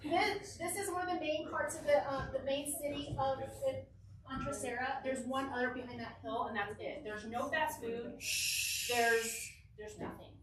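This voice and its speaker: A woman's voice: sits high, a little slow, distant mic, background noise. Young woman telling a story in an echoey hall. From Southern California. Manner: animated, giggly, acts out quotes. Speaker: youth group speaker. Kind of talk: casual storytelling talk. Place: church hall. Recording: echoey hall, mic from afar.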